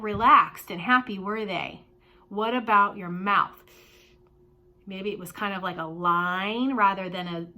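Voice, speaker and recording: Bright, animated preschool teacher woman. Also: medium pitch. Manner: animated, sing-song, playful exclamations. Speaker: early childhood teacher. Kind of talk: lesson for young children.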